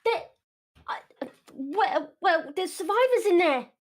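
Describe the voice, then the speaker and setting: High, bubbly woman playing a tabletop game. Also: lively intonation, slow pace. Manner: giggly, bubbly. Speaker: player. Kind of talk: casual tabletop play.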